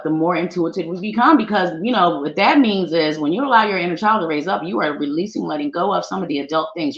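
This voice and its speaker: A middle-aged woman, a psychic giving a casual, playful live-stream tarot reading and chatting with viewers. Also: on the low side. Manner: animated, playful, chatty, talks to viewers as y'all. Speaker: psychic reader. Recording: roomy, dull lo-fi stream audio.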